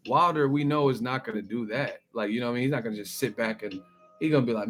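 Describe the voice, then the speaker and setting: A man's voice: mid-range voice, faint music behind. A man hosting a boxing channel, riffing in casual, profane commentary and firing off one rhetorical question after another. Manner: animated, profane, rapid-fire rhetorical questions.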